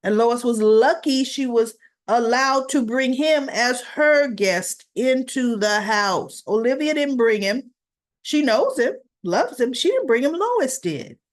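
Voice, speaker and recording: A woman's voice: a little high, animated, slow pace. A woman reviewing a soap opera episode in a casual recap, telling it in a chatty, rambling way with asides.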